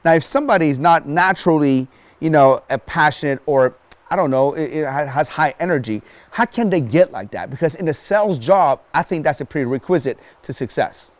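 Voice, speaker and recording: A man's voice: fairly high pitch, expressive, a little fast, no echo. A man hosting a podcast interview, asking questions casually with many fillers and restarts. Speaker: podcast host.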